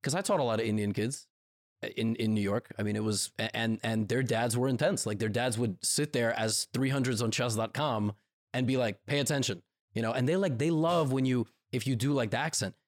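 A chess teacher guesting on a podcast, talking in a lively way and jumping up in pitch when he jokes. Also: a little fast. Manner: animated, jumps high in pitch when joking. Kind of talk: casual podcast chat.

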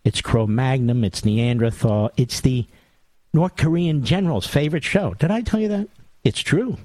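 A man's voice: mid-range voice, animated, normal speed, dark tone, no echo. A man hosting a talk radio monologue, sarcastic and mocking, with big theatrical swings in tone.

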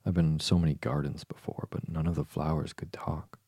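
A man voicing a curious, polite little girl in a soft bedtime reading. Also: a bass voice, steady tone, fairly quick, vocal fry, husky, dry recording, studio quality, full character voice. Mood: wondering.

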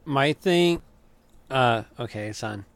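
A man's voice: medium pitch, lively intonation, takes it slowly, clear, resonant tone, dry recording. A man on a casual podcast panel, blunt and profane in his opinions.

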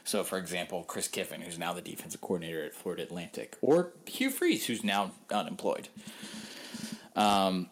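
Low-voiced candid man reporter. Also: fairly bright tone. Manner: candid, conversational, rambling with frequent ums. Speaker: sports reporter. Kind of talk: casual podcast interview.

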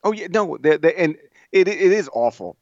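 A man's voice: a little high, lively intonation, normal speed, no room sound. A middle-aged man co-hosting a casual sports podcast, teasing his partner and rambling through stories. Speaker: podcast co-host. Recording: dull lo-fi sound.

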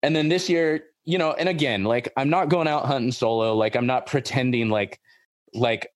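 A man hosting a podcast in casual chat, talking in an excitable, rambling way and repeating himself. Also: mid-range voice, moderate pace, dry recording, studio quality. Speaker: podcast host.

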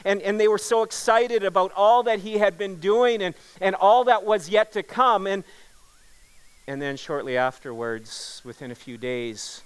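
A man's voice: high-pitched, unhurried, clean tone. A man preaching a sermon as pastor, earnest and emphatic, repeating key words for weight.

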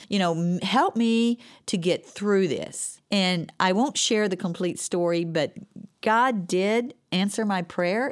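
A middle-aged woman speaks in a faith-based conversation, her voice sitting a little low. She tells her story earnestly, pausing and restarting as she goes. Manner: earnest, halting, emotional storytelling. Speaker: co-host sharing grief experience.

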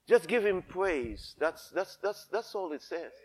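Fervent preacher man, higher voice. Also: expressive, unhurried. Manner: fervent, repetitive call-and-response preaching. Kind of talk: sermon.

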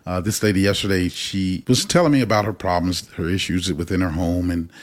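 A middle-aged man with a deep, low-pitched voice talks in a radio studio interview. He tells his stories with earnest enthusiasm. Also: a little fast. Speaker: in-home service manager.

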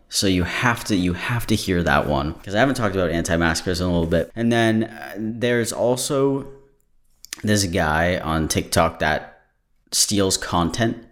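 A man with a very low, deep voice hosts a podcast in loose, casual chat. He sounds tired, and he rambles and jokes, drifting off on tangents. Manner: rambling, joking, easily sidetracked. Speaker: podcast host.

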